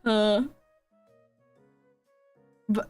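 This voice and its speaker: A woman's voice: drawn-out words, a little mellow, soft background music. A young woman streamer chatting casually into a desk mic, telling rambling stories with frequent giggles. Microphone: desk microphone.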